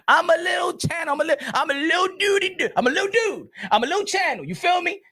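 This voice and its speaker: A man hosting a small boxing channel, ranting comically, laughing and repeating lines with shouted bursts. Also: very high voice, very animated, racing, few pauses. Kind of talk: comedic rant commentary.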